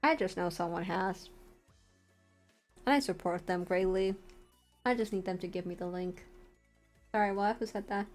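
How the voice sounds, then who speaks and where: A woman's voice: lowish voice, normal speed, long pauses, soft background music. A young woman streaming a visual novel, reacting in a flustered, joking way with bursts of laughter. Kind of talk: live-streamed game reactions.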